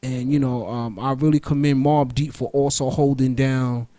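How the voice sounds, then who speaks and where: A man's voice: medium pitch, steady tone, normal speed, mellow. A man hosting a radio show, talking in a loose, profane, rambling monologue that jumps from topic to topic. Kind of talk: casual solo monologue.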